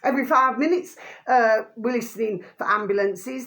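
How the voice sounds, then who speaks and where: A woman's voice: fairly high pitch, moderate pace, fairly bright tone. A woman vlogging an angry rant to her viewers, swearing mildly and calling them by a pet phrase again and again. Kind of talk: ranting monologue to camera.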